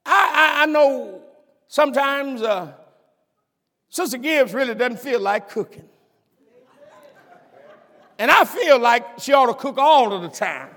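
An older man preaching a sermon, stammering and repeating himself, swinging between shouts and asides and asking the congregation "am I right about it.". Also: very high voice, lively intonation, slow pace, pauses often. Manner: stammers and repeats words, bursts into shouts and laughter. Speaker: pastor. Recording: long hall reverb.

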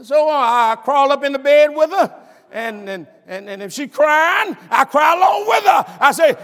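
An older man delivers a sermon in a strikingly high voice, the sound ringing out with a long reverb through a large hall. He stammers and repeats words, climbs into shouts, and checks in with the congregation in call-and-response fashion. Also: lively intonation, moderate pace. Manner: preacher's call-and-response, repeated "am I right about it". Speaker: pastor.

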